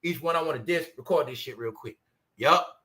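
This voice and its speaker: A brash man with a bright voice rants fairly quickly to his viewers in casual livestream commentary. The commentary channel host is animated, shifting between loud outbursts and low mutters, asking rhetorical questions and repeating "y'all" and "huh."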